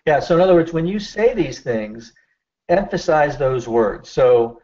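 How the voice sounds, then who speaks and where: A man's voice: medium pitch, lively intonation, measured pace, dark tone. A middle-aged man presenting a therapy webinar, coaching listeners step by step and stressing key phrases. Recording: dull lo-fi webinar audio.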